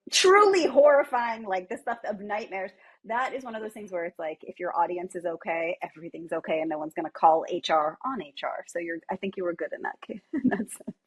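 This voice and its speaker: A woman's voice: fairly low pitch, a little mellow, husky, poor audio. A woman hosting a podcast interview, upbeat and playful in a conversational way. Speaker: podcast host.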